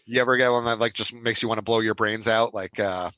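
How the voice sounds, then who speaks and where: Laid-back dad chatting on a podcast. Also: male voice, on the low side, fairly even intonation, fast, sharp tone, no echo. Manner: laid-back, laughs often. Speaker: podcast co-host, father. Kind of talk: casual chat.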